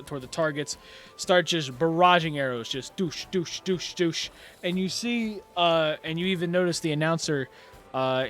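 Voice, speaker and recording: A man's voice: on the high side, fairly bright tone. A man narrating a tabletop game as game master, rambling with many fillers and restarts.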